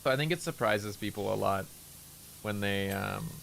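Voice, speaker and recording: Chatting on his game stream, the male livestreamer stays laid-back and unexpressive, intentionally speaking in a lower register. His voice is creaky, with a little hiss or hum in the recording.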